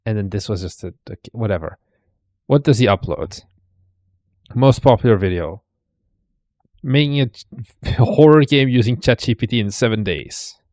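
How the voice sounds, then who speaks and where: A man's voice: on the low side, lively intonation, normal speed, pauses often, a little mellow, no echo, clean studio sound. A man hosting a stream, casually commenting and teasing as he looks through viewers' desk setups. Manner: chatty, teasing, thinks aloud. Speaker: streamer host. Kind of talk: casual commentary reacting to videos.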